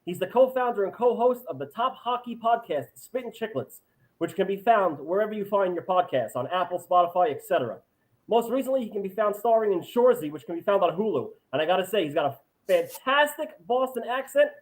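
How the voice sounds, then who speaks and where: A man's voice: sits high, animated, brisk, rough recording. A man from Long Island with a Long Island accent, hosting a podcast and eagerly hyping up his guest. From Long Island, New York. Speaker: podcast host. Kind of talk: interview host, read-out intro.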